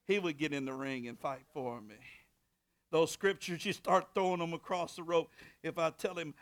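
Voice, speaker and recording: A man preaching a sermon, with rising shouted bursts and call-and-response to the congregation. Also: fairly high pitch, moderate pace. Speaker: pastor.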